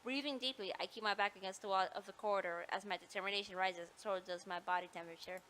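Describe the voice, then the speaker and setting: A woman's voice: mid-range voice, fairly even intonation, quick pace, noisy background. A woman playing a visual novel, reading the story aloud and breaking off with apologetic, joking asides. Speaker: video game player.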